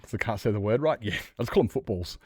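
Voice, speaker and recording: Male streamer, lowish voice, close dry mic, rambling, casual swearing. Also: lively intonation, fast talker, a little mellow, breathy edge, no room sound. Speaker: livestreamer. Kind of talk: casual chat with viewers while gaming.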